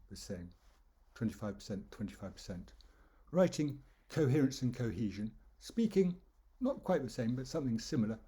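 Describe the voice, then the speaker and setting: A man teaching an English exam lesson, talking in a measured, explanatory way and stressing key words. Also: fairly low pitch, mellow, husky.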